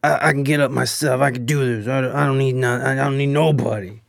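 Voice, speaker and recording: A man voicing a proud, stubborn drunk who mumbles low and defensively. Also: fairly even intonation, a little fast, creaky, close to an everyday voice.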